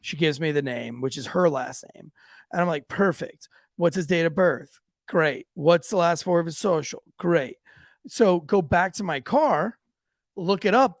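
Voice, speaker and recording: A man with a high, gravelly voice tells a story from patrol in a profane, lively way, slipping into the voices of the people in it. The studio sound is dry and close, with no room heard around him. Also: dry recording. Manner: profane, animated, acts out quoted voices. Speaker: police officer and podcast host. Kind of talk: casual storytelling. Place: podcast studio.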